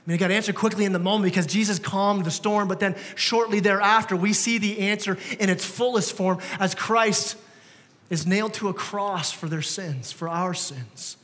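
Man preaching, higher voice, conversational sermon, rhetorical questions, long hall reverb. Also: moderate pace, fairly bright tone. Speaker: pastor. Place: church sanctuary.

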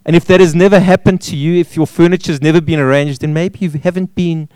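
Male pastor, emphatic preaching, mellow tone, fairly high voice. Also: fairly even intonation, fast, smooth, no echo, poor audio. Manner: emphatic preacher with repeated words and rhetorical questions. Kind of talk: sermon.

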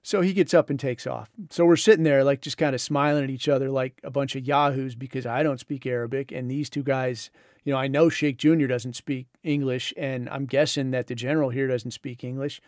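A man's voice: medium pitch, steady tone, a little fast, darkish tone, no room sound, clean studio sound. A middle-aged man hosting a podcast, telling a story in a laid-back, conversational way and ending with advice to his listeners. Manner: laid-back, conversational, drawls and mimics others in retold dialogue. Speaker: podcast host. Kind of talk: casual storytelling monologue.

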